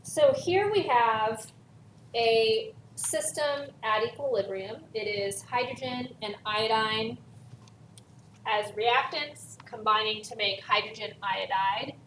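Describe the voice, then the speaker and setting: Slow and fairly bright, with a pitch on the high side, a woman's voice carries a recorded chemistry lesson built around a worksheet, with key words stressed. The recording has an echoey room, a far-off voice, and faint hiss.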